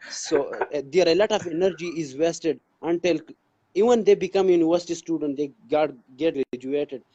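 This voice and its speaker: A man from Pakistan speaks earnestly as an interview guest, circling back on phrases as he explains. His voice is mellow and sits a little high, and the audio comes through dull and lo-fi. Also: moderate pace. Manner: earnest, repeats phrases like "you can say". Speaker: guest, English teacher. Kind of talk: interview conversation.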